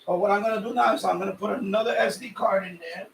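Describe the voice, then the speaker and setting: A high-pitched, gravelly-edged man from a Puerto Rican family in New York rambles through a casual live stream, circling back and repeating himself. He is sweaty from the heat. He sits a little away from the mic in a roomy, echoey space with faint noise behind him. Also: steady tone, fast. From Puerto Rican family, raised in New York. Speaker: radio hobby live streamer. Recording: echoey room, voice a bit far off.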